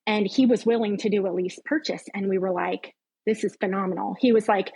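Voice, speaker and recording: A woman's voice: mid-range voice, fairly even intonation, a little fast, vocal fry, darkish tone, husky, low-quality recording. A middle-aged woman, a podcast guest, giving an earnest, heartfelt personal faith testimony.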